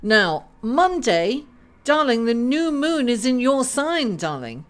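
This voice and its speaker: Astrologer, woman, casual and halting, slow pace, fond of saying darling. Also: fairly high pitch, very animated. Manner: unhurried, halting with many fillers, calls listeners darling. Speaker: astrologer doing tarot readings. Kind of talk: casual horoscope reading.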